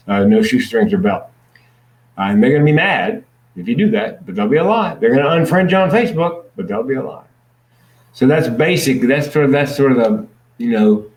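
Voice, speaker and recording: A man's voice: medium pitch, roomy sound, rough recording. A man speaking as a podcast guest, explaining things earnestly with dry jokes. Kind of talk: podcast conversation.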